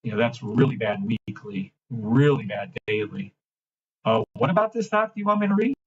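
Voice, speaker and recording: A man hosting a trading livestream, ranting in a brash, mocking, profane way and swinging between loud outbursts and low mumbling. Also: lively intonation, normal speed, lo-fi sound, slight background noise. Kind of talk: live-stream rant and chart reading.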